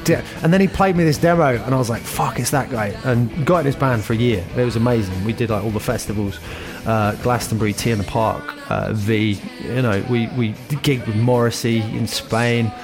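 Animated storyteller, a man. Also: mid-range voice, a little fast, hardly any pauses, over music. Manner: animated, anecdotal, laughs while telling stories. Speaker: guest comedian. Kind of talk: casual interview chat.

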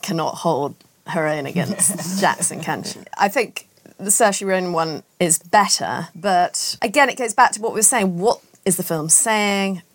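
A woman's voice: fairly low pitch, a little slow. A woman historian on a discussion panel, opinionated and questioning, laughing easily.

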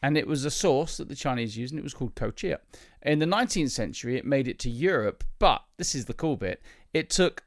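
A man's voice: mid-range voice, lively intonation, brisk, hardly any pauses, no echo. A joking man in his forties co-hosts a casual family podcast. His voice is close and dry, and he teases the others, stumbling and restarting as he goes. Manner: teasing, jokey, stumbles over words. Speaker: podcast co-host.

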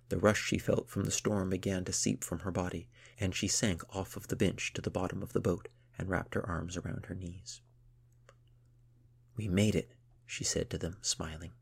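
A man giving steady, measured scripted audiobook narration. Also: low-pitched, gravelly, breathy edge. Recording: rain and thunder sound effects. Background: rain and thunder.

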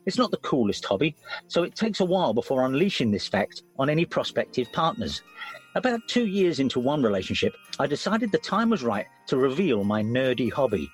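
A man's voice: medium pitch, sing-song, a little fast, breathy edge, soft background music. A man hosting a radio show, chatting in a jokey, rambling, self-mocking way from the studio. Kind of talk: casual radio chat.

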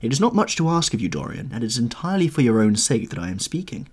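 A man's voice: mid-range voice, big pitch swings, fast talker, slightly rough, voice pushed up. A man voicing a grave, earnest male painter in an audiobook, pleading with mounting urgency. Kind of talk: audiobook character reading.

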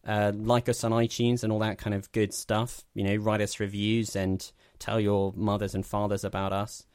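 A man's voice: on the low side, little pitch movement, normal speed, darkish tone, clear, resonant tone, dry recording. A man hosting a film podcast, chatting casually with dry, self-deprecating humor. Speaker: podcast host. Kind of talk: casual chat.

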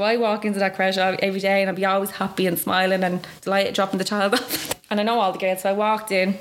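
Woman, young adult, Irish accent, very fast talker, chatty storyteller, acts out quotes. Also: medium pitch. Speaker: interview guest. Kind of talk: personal story told in conversation.

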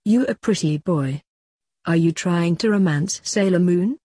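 A woman's voice: lowish voice, unhurried, mellow, no echo, clean studio sound. A woman reading the part of a teasing young male enchanter who mocks his father. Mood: mocking. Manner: mocking.

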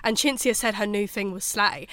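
A woman's voice: medium pitch, normal speed, a bit bright, no room sound. A woman in her twenties from England co-hosting a podcast, chatting casually, swearing and giggling. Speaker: podcast co-host. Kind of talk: casual chat.

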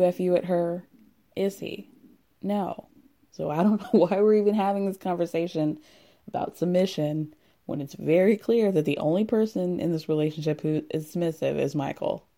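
Woman host for a chatty, sardonic recap with a mellow, warm tone. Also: on the low side. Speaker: reality TV recapper. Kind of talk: casual commentary.

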